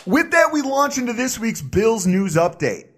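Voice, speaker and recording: A man's voice: very high-pitched, moderate pace, a little hiss or hum. A man hosting a sports podcast, chatting casually and joking about himself. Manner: animated, jokey, self-mocking. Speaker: podcast host.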